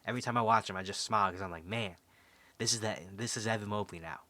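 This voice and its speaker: A man's voice: on the low side, fast, bright, forceful tone, no echo. A young man casually breaking down basketball clips for his vlog, enthusiastic and rambling, often restarting his sentences. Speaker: basketball vlogger.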